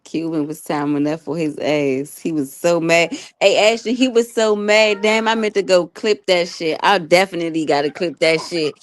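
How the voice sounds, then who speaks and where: Low-voiced woman in relaxed banter. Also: normal speed, hardly any pauses, no echo. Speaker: podcast co-host. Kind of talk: casual banter.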